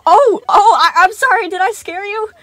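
A woman voicing a jittery, lanky male animatronic daycare attendant who stammers and talks frantically in a much higher, louder voice than her narration, for a storybook reading. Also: animated, brisk, no room sound. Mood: panicked. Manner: stammering, frantic and overly eager.

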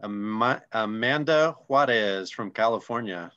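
A man co-hosting a casual online call, reading names in a relaxed, friendly, joking way. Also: fairly low pitch, unhurried, clean tone, muffled recording. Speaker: co-host.

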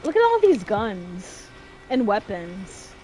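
A young adult woman hosting a gaming video, giving casual let's-play commentary and getting jumpy and loud at the game. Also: mid-range voice, takes it slowly, slight background noise. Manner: excitable, yells at the game, jumpy.

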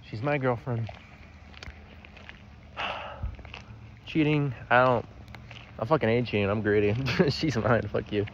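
Young male vlogger on a walk, unhurried and meandering, swallowing his laughs; muffled outdoor recording. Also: mid-range voice. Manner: meandering, giggly, stifles laughs. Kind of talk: rambling casual vlog while walking. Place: outdoors, walking. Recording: dull lo-fi with outdoor noise.

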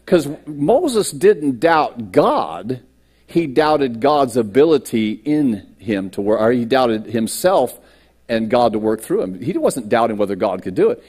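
A man's voice: medium pitch, sing-song, unhurried, a little mellow, husky. A man preaching a sermon as a pastor, acting out quoted lines and self-doubt, with stammered restarts. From United States. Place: church sanctuary.

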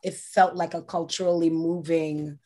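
A woman's voice: sits low, flat delivery, normal speed, dark tone. A woman interviewed as an actress, talking casually and reflectively with frequent fillers. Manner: chatty, reflective, many fillers.

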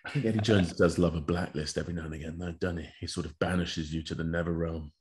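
Male co-host, very low voice, relaxed and blunt. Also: fast. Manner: laid-back, blunt banter. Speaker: co-host, rugby prop. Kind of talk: casual chat.

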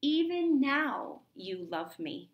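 A woman's voice: high voice, sing-song, slow pace, muffled recording, voice pushed up, full character voice. A woman reading as Roxanne, pleading and raised. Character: Roxanne, grieving young woman in love.

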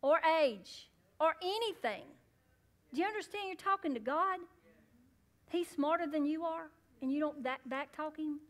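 A woman pastor preaching a sermon in church, calling out to the congregation and rising to loud, fervent peaks. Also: high voice, moderate pace. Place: church sanctuary.

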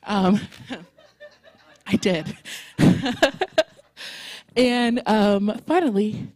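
An excitable, chatty woman worship leader speaks at a church service, running through announcements before a closing prayer. Her voice sits at an ordinary middle pitch and sounds close and dry, with little room around it. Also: extremely slow, no echo, poor audio.

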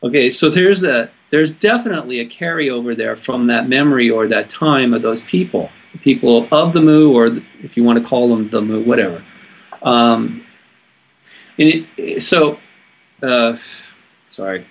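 A man from California, a guest in an interview, telling a personal story in an earnest, halting way with frequent restarts. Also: medium pitch, expressive.

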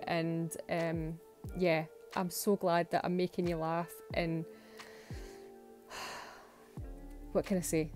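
A woman's voice: on the low side, darkish tone. A Scottish woman chatting through a home voice-over for her nail art videos, self-mocking and laughing often. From Scotland. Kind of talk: casual voice-over narration.

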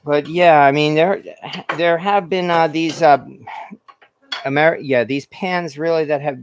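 A man's voice: fairly high pitch, steady tone, unhurried, a little hiss or hum. Rambling man chatting while cooking. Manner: rambling, filler-heavy, self-correcting. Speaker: cooking show host. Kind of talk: casual cooking chat while reading comments. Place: home kitchen at the stove.

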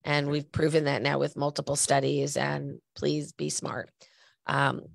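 A woman with a low, creaky voice hosts a podcast, sounding a little stuffy from a cold, with no echo in the recording. She chats in a conversational way and tells stories, speaking directly to her listeners.

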